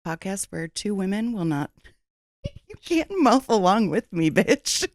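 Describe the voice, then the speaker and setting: A woman's voice: mid-range voice, animated, unhurried, a little mellow, no room sound, clean studio sound. A woman co-hosting a casual podcast, teasing and swearing freely. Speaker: podcast co-host.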